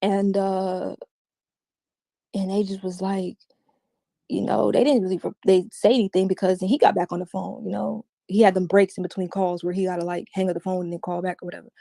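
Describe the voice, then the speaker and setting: A woman's voice: mid-range voice, level tone, fairly quick, creaky, mellow, dry recording, clean studio sound. A woman as an interview guest, giving a candid, emphatic personal account in slangy everyday speech.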